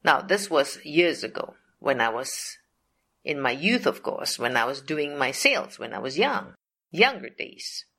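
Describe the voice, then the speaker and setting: Older woman, faith testimony, very slow delivery, bright forceful tone, earnest, repeats herself. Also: rumbling low, very animated, husky. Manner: earnest, repetitive, leans on "of course" and "whatsoever". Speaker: storyteller sharing a faith testimony. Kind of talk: personal testimony storytelling.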